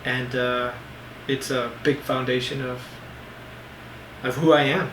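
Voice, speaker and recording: A man's voice: mid-range voice, level tone, slow pace, fairly bright tone, slight background noise. A man hosting a podcast, chatting casually and enthusiastically, asking rambling questions. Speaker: podcast host. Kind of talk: casual interview chat.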